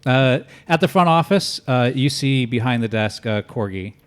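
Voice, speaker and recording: Halting male game master. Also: medium pitch, expressive, smooth. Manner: halting, full of fillers and restarts. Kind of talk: improvised game narration.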